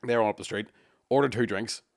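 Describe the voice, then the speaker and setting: A man tells a rowdy tale on a podcast, swearing freely and bursting into loud voices for the people in his story. The recording is close and dry, with no room sound. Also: on the low side, quick pace, vocal fry, dry recording. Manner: swears a lot, lively storytelling with shouted impressions. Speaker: comedian podcast co-host. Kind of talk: casual storytelling chat.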